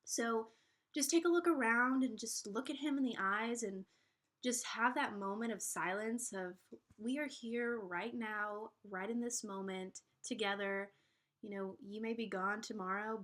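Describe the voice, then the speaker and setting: A woman's voice: medium pitch, a little slow, a bit bright. A young woman in her twenties talking earnestly to camera in a casual vlog, encouraging and reassuring, with frequent fillers and restarts. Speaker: vlogger giving relationship advice.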